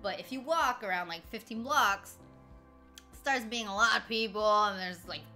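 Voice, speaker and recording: A woman's voice: medium pitch, normal speed, bright, forceful tone, faint music behind. A woman in her twenties chatting casually with her stream viewers, rambling through stories, laughing often and greeting chat along the way. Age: 20s. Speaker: livestreamer.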